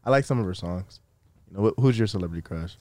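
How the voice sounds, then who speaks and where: Laid-back young man, low voice. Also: expressive, quick pace, dark tone, dry recording. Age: young adult. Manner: laid-back, laughs easily, hesitant restarts. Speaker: guest. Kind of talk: casual podcast chat.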